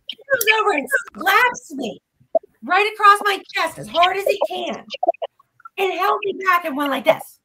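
A woman guest on a podcast, casually retelling a story in an animated, profane way. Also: very high voice, rough recording.

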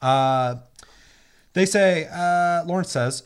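A man hosting a casual podcast chat, animated and swearing freely as he rants. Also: fairly low pitch, a little fast. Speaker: podcast host.

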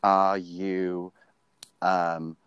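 A man's voice: low voice, level tone, extremely slow, a bit bright, smooth, no echo, highs cut off. Rambling, easygoing podcast guy. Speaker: podcast co-host. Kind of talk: casual podcast banter.

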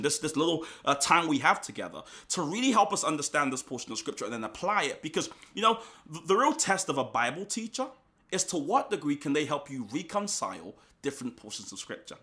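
A man preaching a sermon, emphatic and animated, with quick restarts and asides. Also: fairly high pitch. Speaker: pastor.

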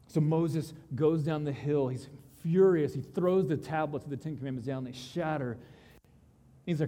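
A man with a fairly high but mellow, slightly husky voice preaches a sermon. He retells scripture in casual, conversational voices, swings from excited bursts to quiet intensity, and his words ring with the long reverb of a large hall. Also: moderate pace. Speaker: pastor.

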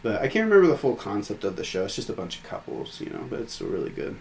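Podcast co-host, male, low-pitched, lively storyteller, faint hiss behind him. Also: racing, creaky. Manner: animated, profane storytelling with acted-out quotes. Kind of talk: casual chat.

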